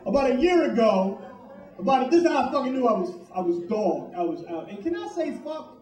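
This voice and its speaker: A man doing a stand-up comedy set in a club, profane and animated, talking with the crowd. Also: very high voice, fairly quick. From Puerto Rico heritage, New York. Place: comedy club, live audience. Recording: echoey club from far off.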